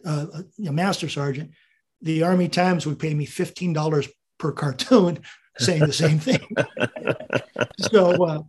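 A man's voice: a little high, moderate pace, a little mellow, breathy edge. An American man in his seventies, a veteran guest in an interview, telling rambling anecdotes with chuckles and quoted dialogue. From United States. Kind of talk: storytelling interview.

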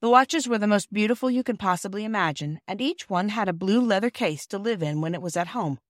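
A woman reading a classic children's novel aloud in a gentle storytelling manner. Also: mid-range voice, fairly quick, dry recording, clean studio sound. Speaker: audiobook reader. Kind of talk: scripted narration.

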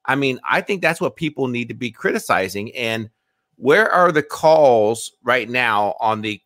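A man co-hosting a political talk show who explains his points in a measured way. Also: mid-range voice, animated, a bit bright, no room sound, studio quality. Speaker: co-host.

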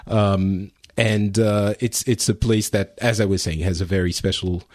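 A man's voice: fairly low pitch, fairly even intonation, moderate pace, darkish tone, no room sound, studio quality. A man from France, hosting a podcast in casual chat with many restarts and fillers. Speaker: podcast host.

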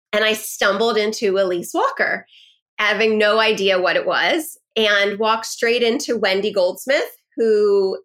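A woman in her forties from Los Angeles, hosting a podcast interview and telling a story in an excited, effusive way. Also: mid-range voice. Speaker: podcast host. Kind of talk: casual interview chat.

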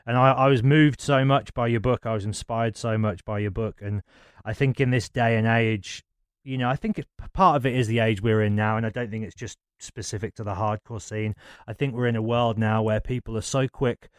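A man's voice: medium pitch, fairly even intonation, a little fast, clean tone, dry recording, studio quality. A man hosting an interview, responding earnestly and affirming his guest. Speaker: podcast host. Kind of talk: casual interview chat.

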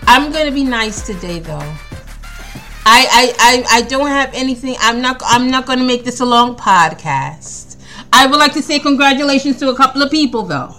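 Lady podcaster rambling n laughing a lot, high bright voice, bouncy, faint music under. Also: lively intonation, moderate pace. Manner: rambling, stammering, laughs often. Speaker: podcast host. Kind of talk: casual solo podcast chat.

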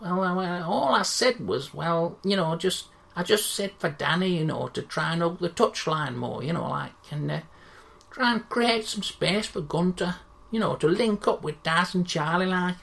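A woman's voice: on the low side, expressive, moderate pace, vocal fry, a bit bright. A woman voicing a modest male football caretaker manager in a comedy sketch, who rambles and hesitates with lots of fillers. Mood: bashful.

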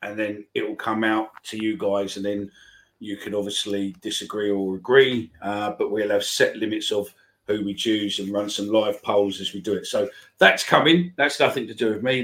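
A man's voice: lowish voice, steady tone, normal speed, fairly bright tone. A man hosting a live football podcast, chatting casually and rambling through announcements. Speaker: podcast host.

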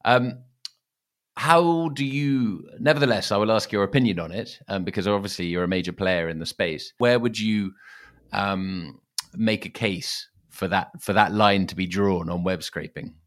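A man with a very low voice hosts an interview podcast. He puts his questions slowly and haltingly. He often gropes for words, with many "um"s and restarts. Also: fairly bright tone. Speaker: podcast host.

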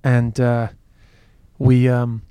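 A man's voice: mid-range voice, completely flat delivery, very slow, dark tone, clear, resonant tone, dry recording. An Irish man co-hosting a podcast in casual chat, talking in loose, restarting phrases. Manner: chatty, restarts phrases often. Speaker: podcast co-host. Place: moving car. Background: traffic and train noise.

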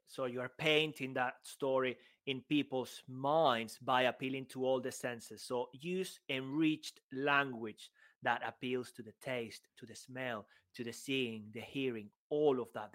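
A man co-hosting a casual public speaking chat, animated and jokey, acting out bits of dialogue. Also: mid-range voice. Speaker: podcast co-host.

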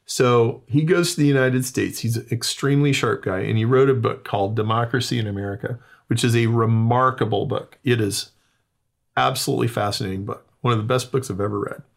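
Gravelly-voiced man, emphatic explainer. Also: mid-range voice, a little fast. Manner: emphatic, keeps checking in with "okay?". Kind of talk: casual explanatory talk.

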